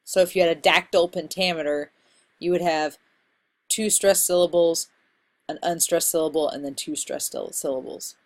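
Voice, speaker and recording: A woman instructor giving a casual recorded lecture on poetry terms, explaining in a relaxed, conversational way with fillers. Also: low voice, moderate pace. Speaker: college literature instructor.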